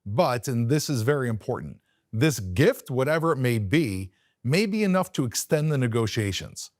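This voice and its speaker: A man's voice: mid-range voice, sing-song, moderate pace, darkish tone, no echo, clean studio sound. A male news commentator delivering scripted commentary, emphatic and posing rhetorical questions to viewers.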